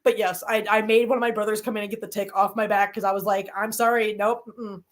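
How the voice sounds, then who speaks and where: A woman hosting a live stream, chatting casually with viewers and telling stories animatedly, swinging from low grumbles to high squeals. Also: flat delivery, fast talker.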